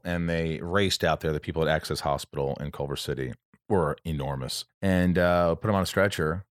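A man's voice: deep voice, dry recording, studio quality. A man hosting a podcast, telling a long emotional story in a rambling, casual way. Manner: emotional, rambling, does quick voices of friends. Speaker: podcast host. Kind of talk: casual chat.

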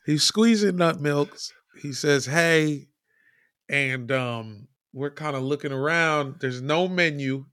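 A man telling a story in casual chat, animated, swearing and mimicking people. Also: fairly high pitch, slow, clean tone, no room sound, clean studio sound.

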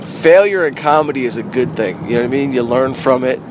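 A middle-aged man, a comedian, talking casually in a car in a rambling, animated way that repeats phrases. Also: mid-range voice, moderate pace, pauses often. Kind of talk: casual car vlog monologue. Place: inside a parked car. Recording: noisy street ambience.

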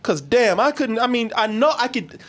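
High-pitched guy ranting about a movie, swears a lot, voice jumps all over. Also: normal speed. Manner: animated, profane, laughing, acts out scenes. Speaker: movie review podcast co-host. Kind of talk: casual chat.

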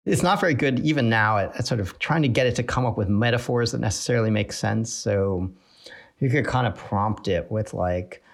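A man with a fairly low voice explains a subject in an interview. He hesitates and leans on fillers as he talks it through. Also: fairly quick, creaky. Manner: hesitant, uses many fillers. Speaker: interviewed expert.

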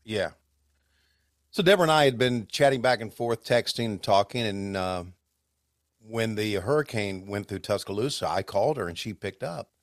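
A man's voice: fairly low pitch, animated, no room sound. Rambling storytelling man, dry sound. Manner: rambling storyteller, halting restarts. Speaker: podcast co-host, former wrestling commentator. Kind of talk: casual chat.

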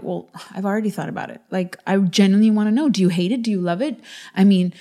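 A woman in her thirties speaks in a mellow, warm tone, earnest and insistent as she explains herself. She often slips into quick quoted asides to make her point. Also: mid-range voice, animated. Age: 30s. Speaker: podcast co-host. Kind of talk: candid couple conversation.

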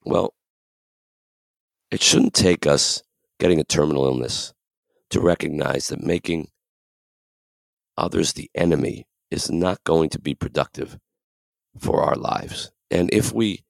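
A man with a deep, gravelly voice hosts a reflective podcast. He talks earnestly and with emphasis, acting out the voices he quotes. The sound is close and dry. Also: a little slow, pauses often, dry recording. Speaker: podcast host.

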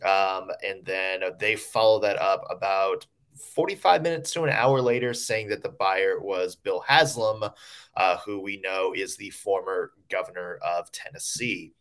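Low-ish guy cohosting a sports podcast, loose and jokey, lots of uhs. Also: a little slow, fairly bright tone. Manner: jokey, chatty, many fillers. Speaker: podcast co-host. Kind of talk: casual sports podcast chat.

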